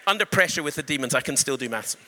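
A man preaching a sermon, telling an animated story and joking with his congregation. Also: fairly high pitch, fast talker. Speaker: pastor. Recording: echoey hall reverb.

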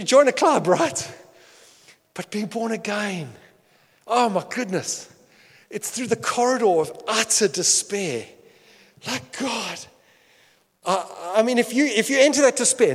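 A man preaching a sermon with passion, swinging between loud outcries and hushed asides. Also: high-pitched, long reverb tail. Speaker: pastor.

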